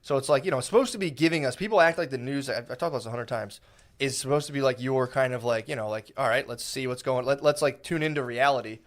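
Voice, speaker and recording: A man's voice: medium pitch, quick pace. A man, co-hosting a podcast in casual, rambling, profane chat. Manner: rambling, profane, quotes people in put-on voices. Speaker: podcast co-host.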